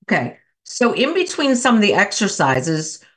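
A woman hosting a show and leading breathing exercises, loud and encouraging in her delivery. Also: medium pitch, big pitch swings, moderate pace. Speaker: host and life coach.

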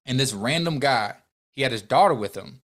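A man's voice: medium pitch, lively intonation, normal speed, a bit bright. A young adult man, a podcast guest and business owner, telling a heartfelt story in an earnest, emotional way, full of restarts and quoted dialogue.

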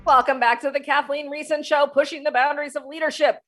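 A woman hosts her own leadership show, talking straight to listeners. Her voice sits a little high, and she keeps the energy up, hammering her points home by repeating them. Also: fast talker, soft background music. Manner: energetic, emphatic, repeats key phrases. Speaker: show host, leadership coach. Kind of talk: solo talk show monologue.

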